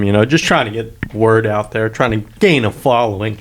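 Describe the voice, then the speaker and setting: A man's voice: fairly low pitch, measured pace. A man co-hosting a podcast, a stand-up comic telling stories in casual, profane chat and laughing often.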